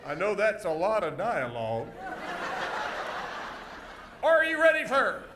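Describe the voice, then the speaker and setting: A man hosting a live comedy show, teasing volunteers from the audience with loud stage patter. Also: sits high, wildly swooping pitch, a little slow, background noise. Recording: echoey venue with music and crowd.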